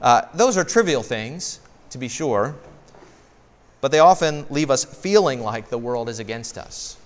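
A man preaching as a pastor, earnest, slowing down on key phrases and often repeating a word as he starts a thought. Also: medium pitch, animated, big-room sound. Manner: slows down on key phrases for emphasis. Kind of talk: sermon.

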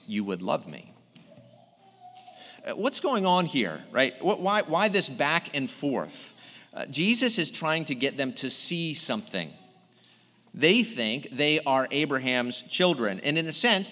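A man's voice: mid-range voice, big pitch swings, measured pace, pushed and bright. A male pastor preaching an earnest sermon, explaining a text verse by verse. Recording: long hall reverb.

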